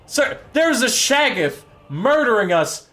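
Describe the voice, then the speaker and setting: A man's voice: very high-pitched, sing-song, slow pace, sharp tone, soft background music, voice pushed up, heavily acted. A man voicing a panicky young male tank gunner who pleads frantically and swears. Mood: panicked.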